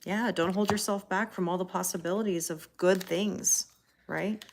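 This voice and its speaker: A woman's voice: lowish voice, steady tone, moderate pace, slight background noise. A Canadian woman with a Canadian accent, giving a casual live-stream tarot reading and answering viewer comments. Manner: chatty, laughs often, answers viewer comments. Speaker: tarot reader.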